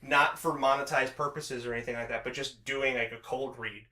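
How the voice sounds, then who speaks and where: A man's voice: medium pitch, steady tone, brisk, sharp tone. Rambly man chatting in an echoey room. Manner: rambling, many restarts and "like" fillers. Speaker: podcast co-host. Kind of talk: casual chat.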